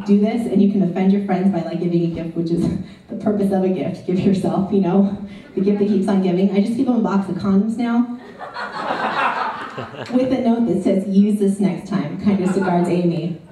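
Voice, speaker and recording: A woman's voice: mid-range voice, moderate pace, dark tone, heavy reverb, recorded from a distance, slight background noise, poor audio. A woman performing a stand-up comedy set in a club, chatty and ironic, full of "like" and "you know".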